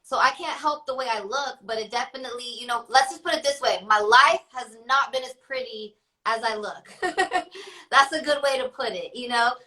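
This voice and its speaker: A woman's voice: on the high side, moderate pace, sharp tone, low-quality recording. A woman rapper chatting casually as an interview guest, filling her talk with "like" and easy laughs. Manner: chatty, heavy on fillers and laughter.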